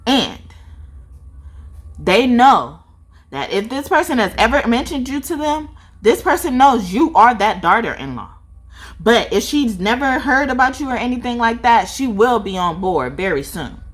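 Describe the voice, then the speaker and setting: Animated, profane woman reading tarot. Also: medium pitch, normal speed. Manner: animated, profane, laughs often. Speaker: tarot reader.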